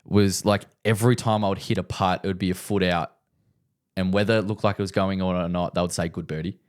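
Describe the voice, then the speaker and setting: A man's voice: sits low, flat delivery, quick pace, clear, resonant tone. A man co-hosting a podcast, telling a long rambling story in casual chat and repeating himself. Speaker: podcast co-host.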